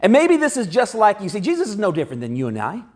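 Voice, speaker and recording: A male preacher with a high, very lively voice that swings up and down as he talks. He keeps it conversational and animated, slipping into little acted-out quotes as he preaches in a church. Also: quick pace. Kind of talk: sermon. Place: church sanctuary.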